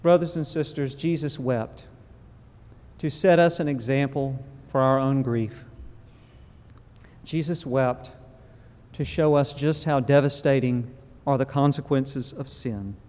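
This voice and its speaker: A man preaching a funeral sermon in a church, solemn and measured, with slow pauses. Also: mid-range voice, a little mellow. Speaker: pastor. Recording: long reverb of a large hall.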